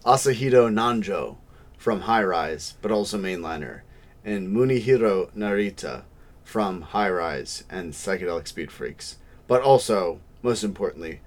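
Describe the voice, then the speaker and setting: Low-voiced man rambling about music. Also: lively intonation, unhurried. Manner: rambling, self-deprecating music enthusiast. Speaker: podcast co-host. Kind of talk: casual chat.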